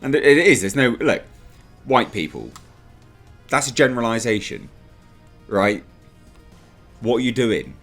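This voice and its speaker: A commentary vlogger from the UK rants in an exasperated, sarcastic way, now and then adopting mocking voices. His medium-pitched, slightly bright voice is animated but a little slow, with long pauses, and faint music sits behind him.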